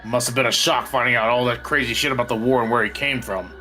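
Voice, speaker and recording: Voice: mid-range voice, fairly even intonation, fast talker, sharp tone, faint music behind, pitched below the performer's own voice, close to an everyday voice. A streamer voicing a blunt young man in a visual novel. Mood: sympathetic.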